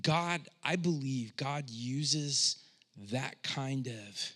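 A male pastor delivers a sermon in a bright, forward voice. He talks in a loose, conversational way, then drops to a hush before rising into fervent, loud appeals. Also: very slow, breathy edge. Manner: swings from hushed, low delivery to loud impassioned cries; conversational, with frequent "like" and restarts.

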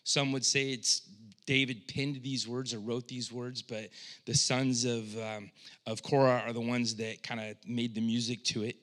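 A man preaching a sermon as pastor, speaking conversationally with frequent restarts and swinging from hushed, low passages to loud, impassioned cries. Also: flat delivery, measured pace.

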